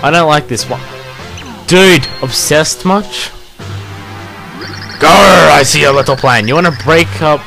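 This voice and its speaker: A young man, commentating a video game playthrough, crude and swearing, yelling at the game. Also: fairly high pitch, a little fast, vocal fry, hardly any pauses, over music. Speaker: let's play gamer.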